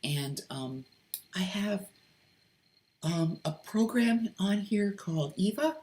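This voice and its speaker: A woman hosting a casual vlog, talking hesitantly with many ums and restarts, carefully keeping her voice soft and deliberate. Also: mid-range voice, expressive. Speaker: video host. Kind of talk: unscripted vlog commentary with read-aloud quotes.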